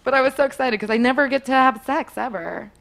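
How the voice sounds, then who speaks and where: A young woman telling a story in casual chat, animated and often laughing, acting out quotes in a higher voice. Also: quick pace, gravelly.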